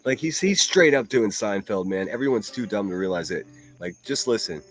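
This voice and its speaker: A man's voice: lowish voice, lively intonation, normal speed, a bit bright. A man hosting a livestream, chatting casually and mocking clips with frequent laughter and swearing. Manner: profane, laughing, rambling mockery. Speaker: livestream host reacting to clips.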